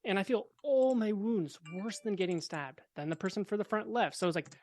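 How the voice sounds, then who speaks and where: A young man, a podcast guest, telling a personal story in a relaxed, casual way with wry, deadpan dark humor. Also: sits high, fairly quick, no room sound.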